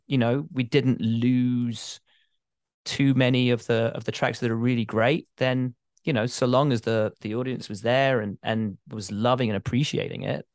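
A man's voice: medium pitch, dry recording, clean studio sound. A middle-aged man chatting on a podcast as a guest, talking emphatically and expansively. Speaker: guest, motorsport reporter. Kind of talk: casual podcast chat.

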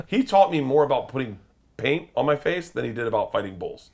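A man telling a wild story as a guest, laughing and acting out quotes with sudden shouts. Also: mid-range voice, sing-song, a little fast. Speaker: comedian guest. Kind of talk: animated storytelling.

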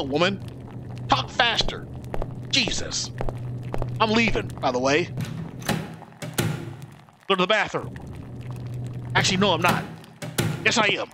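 Excitable streamer man, lively pitch. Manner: excitable, reads chat aloud, swears. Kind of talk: live gameplay commentary.

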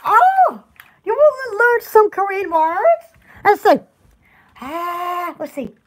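Southern woman, store-owner live-stream chatter, very high voice, lively ups and downs, rambling and giggly. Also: measured pace. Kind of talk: casual live-stream chat.

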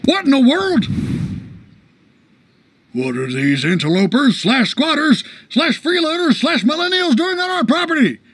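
A blustering old cartoon sergeant, high rough gravelly bark, swings up and down. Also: male voice, sing-song, a little slow, slight background noise, heavily acted. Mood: grumpy. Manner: blustering and loud. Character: gruff old male army sergeant, bossy and cranky. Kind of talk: animated series acting.

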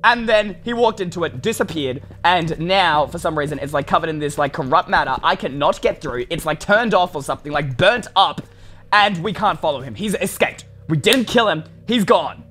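A young man commentating a game for his channel, excitable and ranting at what happens on screen. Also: fairly high pitch, normal speed, faint music behind. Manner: excitable, shouts and rants at the game. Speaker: gaming YouTuber. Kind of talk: Minecraft let's play commentary.

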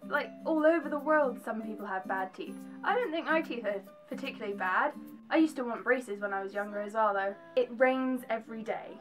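A young English woman with a slight American twang, talking to her camera at home in a chatty, animated way. Her voice sits a little high, and faint music plays quietly under her. She moves easily into joking asides. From England. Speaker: vlogger. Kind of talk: casual chat to camera.

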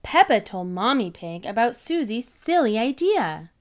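A woman's voice: on the high side, sing-song, unhurried. A woman reading a picture book aloud to young children in an enthusiastic, child-directed way. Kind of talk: read-aloud storytelling for kids.

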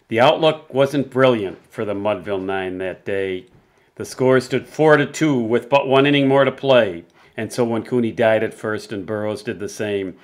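A middle-aged man presenting and dramatically reciting narrative poems, swinging between loud peaks and hushed lines, with chatty asides in between. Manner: theatrical, big swings in loudness and pitch, chatty asides. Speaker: poetry presenter.

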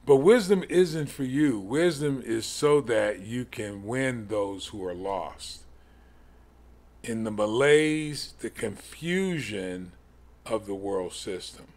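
A middle-aged man gives a sermon-style Bible lesson in a gravelly voice. He talks very slowly, breaking his phrases with pauses and small restarts as he works through his ideas. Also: mid-range voice, expressive, a little mellow. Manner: slow, halting delivery with many pauses and restarts. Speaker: podcast teacher.

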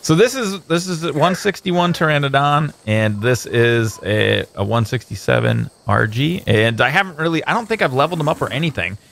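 A man hosting a gameplay video, upbeat and excitable, joking with a guest. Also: mid-range voice, normal speed, vocal fry, few pauses. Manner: upbeat and excitable, playful banter. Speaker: host. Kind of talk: casual gameplay commentary.

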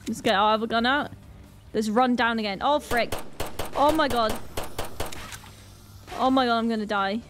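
A woman with a Northern Irish accent giving excitable gameplay commentary, full of panicked exclamations. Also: a little high, normal speed, long pauses, music in the background. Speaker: gaming channel host.

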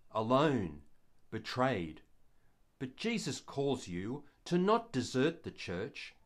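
Older male storyteller, earnest, slow, lively pitch. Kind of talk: devotional story narration.

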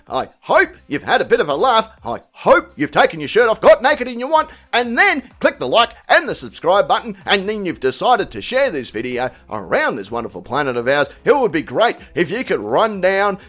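A man's voice: high-pitched, fairly bright tone. A man hosting a commentary show, telling crude, mocking jokes in long rambling bits. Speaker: host of a police-video commentary channel. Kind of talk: comedic commentary.

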